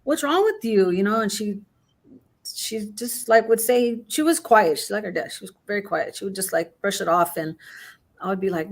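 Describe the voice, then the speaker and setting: A middle-aged woman guest in casual chat, telling a long story with many restarts and fillers. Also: medium pitch. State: has the hiccups.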